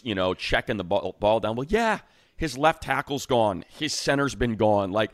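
Deep-voiced man in opinionated sports chat. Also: moderate pace, dry recording. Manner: opinionated, heats up into animated rants. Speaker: co-host. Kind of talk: casual sports talk.

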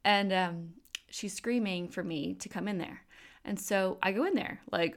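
A woman's voice: mid-range voice, measured pace. A woman in her thirties hosting a faith podcast, talking candidly and casually into a microphone with plenty of fillers. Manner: warm, candid storytelling with fillers. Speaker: podcast host. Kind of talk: faith-based podcast talk.

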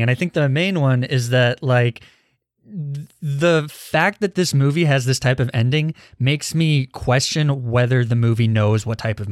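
With clean studio sound and no echo, a medium-pitched young man runs a relaxed film review podcast. He steers the discussion, asks his co-hosts questions, and stays candid, with occasional swearing.

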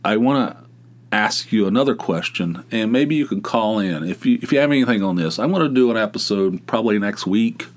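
Male podcast host, solo casual chat, wry and rambling, lowish voice. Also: animated, brisk.

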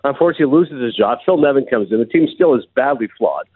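Sports talk host, man, quick lively delivery, husky, tinny phone-like sound. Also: mid-range voice, dry recording. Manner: animated storyteller, laughs often. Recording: muffled phone-like broadcast sound.

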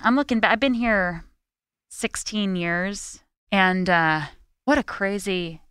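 A woman in her thirties, a comedian guest on a chat podcast, animated and slangy, laughing often. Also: medium pitch, measured pace, clear, resonant tone, no echo, studio quality. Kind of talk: casual interview chat. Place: New York City.

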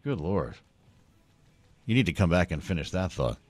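Lively low-voiced male radio host. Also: normal speed, dry recording. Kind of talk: radio interview hosting.

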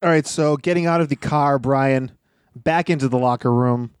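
A man's voice: medium pitch, moderate pace, smooth, no echo, studio quality. Wry, teasing podcast host, man. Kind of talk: casual podcast chat.

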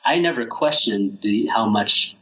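A man speaking as a podcast guest about his book, halting and reflective with many restarts. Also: medium pitch, expressive, dull audio, a loud crowd. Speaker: author guest. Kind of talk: podcast interview.

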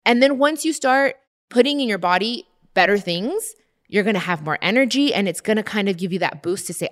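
A woman's voice: medium pitch, lively intonation, brisk. A woman, hosting a casual advice chat and switching between English and Spanish. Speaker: host answering listener questions.

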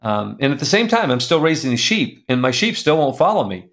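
A middle-aged man telling a personal story as a guest, earnest and confessional, going soft and quiet at the painful parts. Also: medium pitch, big pitch swings, brisk. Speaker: guest speaker.

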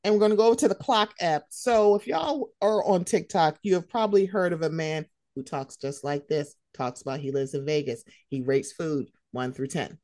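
A young woman hosting a casual pop-culture chat, animated and slangy, swearing freely. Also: low-pitched, moderate pace, hardly any pauses, no room sound, studio quality. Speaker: podcast host.

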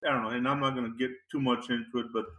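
Male guest, mid-pitch, chatty rambling storyteller, roomy sound. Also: flat delivery, racing, pushed and bright. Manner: rambling, conversational, many fillers and restarts. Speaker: interview guest. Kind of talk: casual storytelling. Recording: roomy echo.

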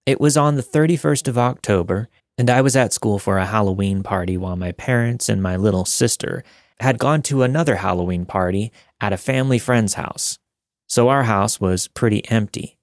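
Man, lowish voice, dry close sound; steady measured narrator for scary story readings. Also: no echo. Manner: steady, measured reading of first-person accounts. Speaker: narrator of listener-submitted scary stories. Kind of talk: scripted horror story narration.

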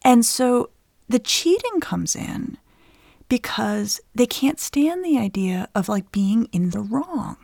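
A woman's voice: a little high, slow pace, creaky, no room sound. Brief: middle-aged woman, expert guest, dry close sound, chatty explainer. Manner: lively, explains plainly, often laughs. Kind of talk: conversational explanation with anecdotes.

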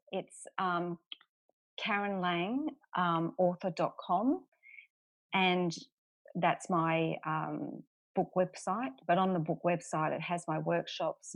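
Australian woman, low, dry-sounding. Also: little pitch movement, slow pace, no echo, rough recording. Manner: friendly, laughs often, many fillers. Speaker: guest author. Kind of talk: casual interview chat.

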